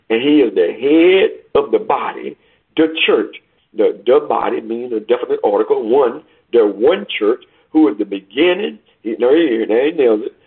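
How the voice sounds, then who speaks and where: Over a tinny, phone-like line, a man with a mid-range, breathy-edged voice preaches a sermon. He reads scripture aloud and explains it, swelling emphatically and dropping into hushed asides.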